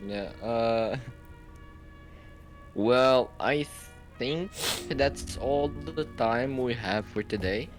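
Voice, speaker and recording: A man's voice: mid-range voice, very slow, faint music behind. A teenage man co-hosting a casual podcast, rambling and giggling with lots of fillers on a home microphone. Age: teens. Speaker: podcast co-host. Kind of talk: casual chat.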